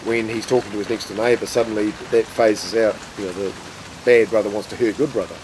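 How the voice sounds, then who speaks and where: A man's voice: fairly low pitch, brisk. Self-mocking New Zealand man telling stories. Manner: rambling, self-mocking, laughs at his own stories. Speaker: storyteller of his own acting past. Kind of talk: casual anecdotal storytelling. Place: outdoors in the rain. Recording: steady rain noise behind.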